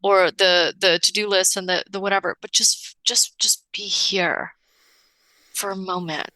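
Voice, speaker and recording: A bright, lively woman coach chatting on a podcast, cursing often and jumping high in pitch as she acts out stories. Recorded close and dry, with no room sound. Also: measured pace, dry recording. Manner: expressive, swears freely, big pitch swings when acting out stories. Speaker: podcast guest, relationship coach. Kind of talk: casual conversational interview.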